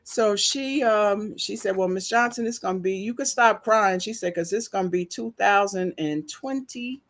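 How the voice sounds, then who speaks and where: An older woman, telling a story to her viewers in a slow, chatty, emotional way, teary and sniffling. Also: mid-range voice. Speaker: vlogger.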